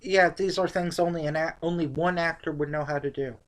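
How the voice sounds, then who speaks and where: A woman's voice: low voice, steady tone, a little fast. A woman reviewing an old movie in casual chat, sarcastic and exasperated.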